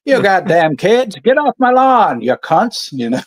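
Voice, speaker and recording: A man voicing a crude, cranky old man yelling at kids, loud and high-pitched. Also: very animated, slow, dry recording, heavily acted. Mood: cranky rant. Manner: shouting, crude and rowdy.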